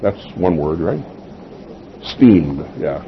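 A pastor with a low, animated voice preaches slowly, talking conversationally and putting rhetorical questions to the congregation. A little hiss or hum sits under the slightly dull, lo-fi recording.

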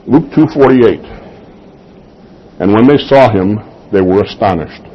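A man's voice: lowish voice, lively intonation, measured pace, breathy edge. A man preaching a sermon as a pastor, talking in a conversational way and asking the congregation rhetorical questions. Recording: slightly dull lo-fi sound.

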